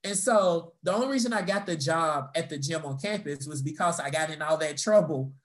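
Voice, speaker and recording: Young man, casual chat, lively storytelling, curses a lot, acts out quotes. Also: a little high, a little fast. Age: young adult. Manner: animated storytelling, swearing, acting out quoted voices. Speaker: storyteller in a conversation.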